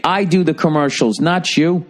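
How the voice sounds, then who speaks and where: A man hosting his own podcast, rambling alone and thinking out loud with constant swearing as he riffs on whatever he's looking at. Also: on the high side, normal speed. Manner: profane, riffing, thinking out loud. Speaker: podcast host. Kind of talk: rambling solo podcast monologue.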